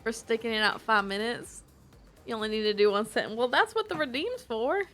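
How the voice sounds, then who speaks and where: A woman's voice: fairly high pitch, a bit bright, soft background music, lightly acted. A woman putting on a clumsy country cowgirl accent while chatting on a live stream, stumbling and restarting as she talks. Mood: playful. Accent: put-on Southern US country. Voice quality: self-admittedly clumsy put-on twang, halting.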